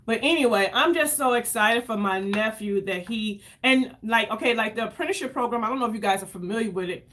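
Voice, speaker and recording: A woman's voice: mid-range voice, fairly bright tone. A woman in her fifties chatting casually on a livestream while doing her makeup, effusive and greeting viewers by name. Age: 50s.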